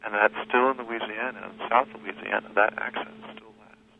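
A man, a guest who teaches history, talking reflectively in an interview, pausing and restarting his sentences often. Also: fairly low pitch, steady tone, creaky. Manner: thoughtful, halting with many restarts and fillers. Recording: tinny phone line with faint hiss.

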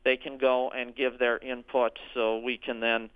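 An orchestra executive director answering radio interview questions, hesitant, with frequent ums and restarts. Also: male voice, mid-range voice, flat delivery, measured pace, clean tone. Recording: tinny phone line.

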